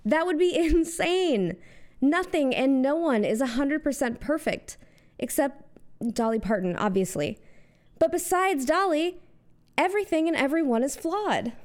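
High-voiced sarcastic American woman. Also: darkish tone. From United States. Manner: sarcastic, punchy asides. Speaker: host. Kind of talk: scripted comedic monologue.

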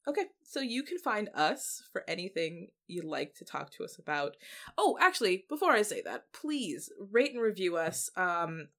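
A woman's voice: lowish voice, sing-song, moderate pace, fairly bright tone. A woman co-hosting a podcast in easy, casual chat. She tells stories with animation and acts out her own remarks. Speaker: podcast co-host.

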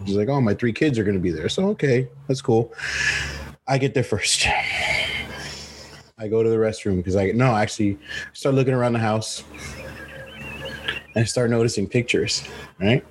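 Male storyteller, husky, animated, casual chat. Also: moderate pace, pauses often. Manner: animated storytelling, acts out friend in high voice. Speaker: storyteller guest.

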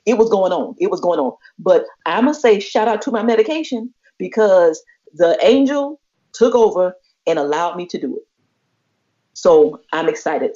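A woman's voice: on the low side, moderate pace. A woman, casually telling a personal story on a podcast and acting out the voices of the people in it. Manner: animated, acts out quoted voices. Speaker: podcast co-host. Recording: slightly muffled lo-fi audio.

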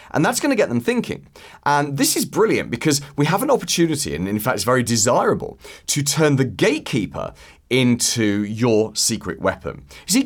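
Man hosting a podcast, animated pitch, mid-range voice, acts out little phone calls. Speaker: podcast host. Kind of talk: solo podcast talk.

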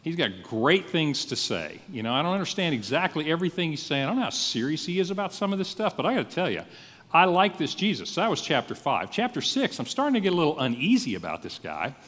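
A male pastor preaching a sermon, telling his story in a lively, animated way and acting out his own thoughts. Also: on the high side, fast talker, long reverb tail.

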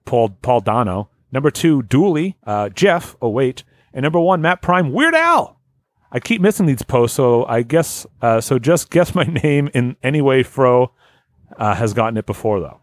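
A man's voice: medium pitch, expressive, normal speed, no echo. A man hosting a casual podcast, reading listener lists aloud, joking and laughing often. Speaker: podcast host.

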